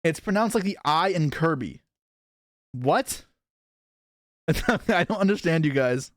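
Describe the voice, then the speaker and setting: Young man, streamer, casual card-opening chatter, lively up-and-down voice, higher-pitched, dry close sound. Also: no echo. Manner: chatty, reacting to chat, quick asides.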